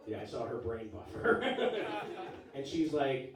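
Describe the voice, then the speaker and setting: A man's voice: mid-range voice, sing-song, moderate pace, darkish tone. Punchy, profane man in his forties on stage. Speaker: stand-up comedian. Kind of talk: stand-up comedy set. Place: live comedy club stage. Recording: echoey room from far off. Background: audience laughing.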